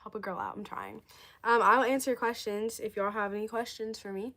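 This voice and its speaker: A young woman from the States, chatting casually with viewers on a livestream, her voice hoarse from losing it. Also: fairly high pitch, fairly even intonation, a little fast, a bit bright. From southern United States. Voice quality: chatty, addresses viewers as y'all. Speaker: livestream host.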